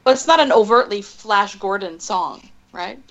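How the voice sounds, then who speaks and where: A woman in casual film-podcast chat, briskly listing film titles. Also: mid-range voice, lively intonation, fairly bright tone. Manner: lists titles briskly, chatty. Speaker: podcast co-host. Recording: dull lo-fi mic.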